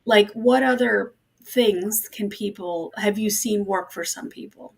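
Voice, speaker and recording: A woman's voice: mid-range voice, measured pace, vocal fry, breathy edge. A woman hosting an interview, asking chatty, rambling questions in casual talk. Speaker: host.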